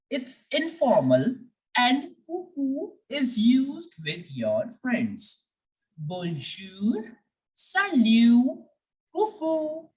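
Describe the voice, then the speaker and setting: Slow, lively-voiced woman teaching French. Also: fairly high pitch. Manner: patient, repeats each word slowly for learners. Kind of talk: beginner language lesson. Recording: voice a bit distant from the mic.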